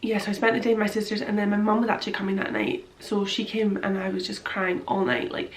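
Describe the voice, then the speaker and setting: Tearful young woman, flat delivery. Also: mid-range voice, quick pace, reverberant, a little hiss or hum, low-quality recording. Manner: rambling, many fillers, quotes her own thoughts. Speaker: vlogger. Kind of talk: personal story told to camera.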